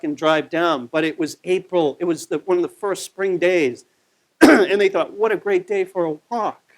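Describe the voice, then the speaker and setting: A man giving a conversational local history talk over a slide show, telling the story with plenty of fillers. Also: on the high side.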